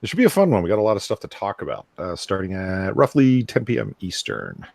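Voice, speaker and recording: A man co-hosting a casual online chat show, chatty and quick. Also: lowish voice, big pitch swings, vocal fry, darkish tone, dry recording. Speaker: podcast co-host.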